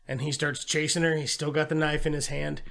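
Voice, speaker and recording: A man's voice: on the high side, a little fast, vocal fry. Sweary man retelling a movie. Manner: animated retelling with acted-out quotes and swearing. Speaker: podcast co-host. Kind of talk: casual movie review chat.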